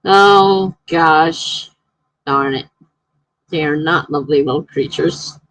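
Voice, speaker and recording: A woman live-streaming from home, chatting casually, reading viewer comments aloud and telling excitable stories. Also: deep voice, slow pace, no echo, poor audio.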